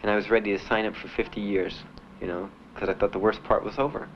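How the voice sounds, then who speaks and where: A man being interviewed about his time in the service, telling his story in a halting, plainspoken way with many fillers. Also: on the low side, little pitch movement. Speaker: veteran interviewee. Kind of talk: documentary interview. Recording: dull archival recording with faint hiss.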